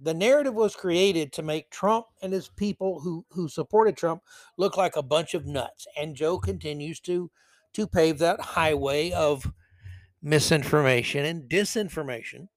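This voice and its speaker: A male podcast host with a fairly high voice, delivering political commentary. He reads passages aloud and keeps cutting in with sarcastic, mocking remarks. The sound is dry and close, with no room echo. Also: measured pace.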